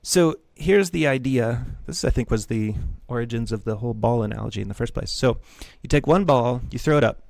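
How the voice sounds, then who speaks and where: Relaxed man teaching music theory. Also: medium pitch, brisk, vocal fry, hardly any pauses, no room sound. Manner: loose, conversational, jokey asides. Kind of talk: casual lecture.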